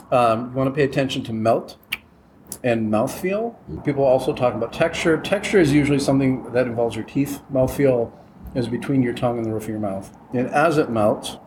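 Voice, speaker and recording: A man's voice: medium pitch, a little fast, noisy background. A man who makes chocolate, talking casually on a podcast and explaining the tasting steps plainly. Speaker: chocolate maker guest.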